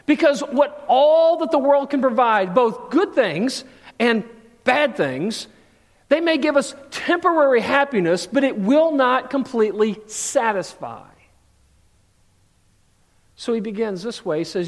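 High-voiced preacher in a reverberant church. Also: male voice, expressive, measured pace. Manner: preaching with big swings between loud and hushed delivery. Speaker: pastor. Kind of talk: sermon. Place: church sanctuary.

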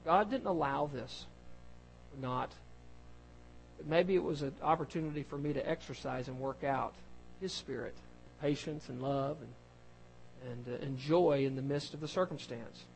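A man preaches a sermon in a conversational way, growing louder and more emphatic as he builds. His voice is medium-pitched with vocal fry, at normal speed, and the low-quality recording carries soft background music.

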